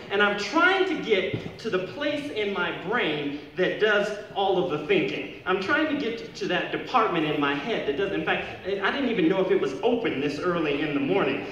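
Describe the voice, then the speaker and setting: A middle-aged man giving a playful, humorous speech to a school audience, rising high when he stresses a point. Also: a bit bright, dull audio. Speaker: speaker addressing students. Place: large hall or gym. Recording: echoey hall from far off with room noise.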